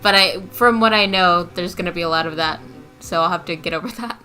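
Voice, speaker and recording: A woman's voice: on the low side, brisk, pushed and bright, faint music behind. A young woman streamer giving casual, self-deprecating commentary while playing a game. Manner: chatty, giggly, self-deprecating.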